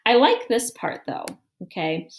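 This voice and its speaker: A woman explains a writing lesson step by step in a calm, measured voice. Her pitch sits in an ordinary middle range, and she thinks aloud as she works through her example. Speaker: teacher. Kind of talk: classroom writing lesson, screen walkthrough.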